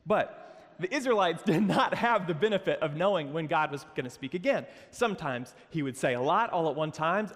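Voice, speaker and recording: A man giving a sermon at a campus worship service, telling the story with playful asides and moving between hushed and emphatic delivery. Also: high voice, in a large hall.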